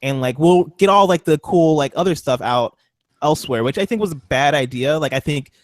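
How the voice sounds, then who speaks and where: Man, excitable, rambling, rapid, slightly high, dry close sound. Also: no room sound. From Seattle. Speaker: podcast co-host. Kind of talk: casual group chat.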